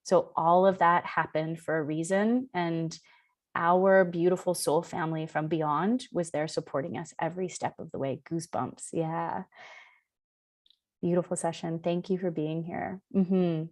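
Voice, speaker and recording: A woman's voice: lowish voice, steady tone, measured pace. A woman in her thirties giving a live spiritual session, telling personal stories casually with frequent ums. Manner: casual, warm-hearted storytelling with frequent ums. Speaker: spiritual teacher. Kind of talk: live online session talk.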